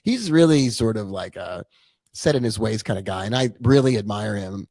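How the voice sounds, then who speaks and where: A man's voice: on the low side, animated, normal speed, a little mellow, no room sound. Chatty man telling his story, dry sound. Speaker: trading coach. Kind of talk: casual live-stream talk.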